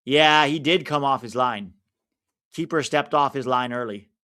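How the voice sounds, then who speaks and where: A man's voice: mid-range voice, unhurried, clean tone. American man streaming a football watch-along. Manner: chatty, reacts loudly to big moments.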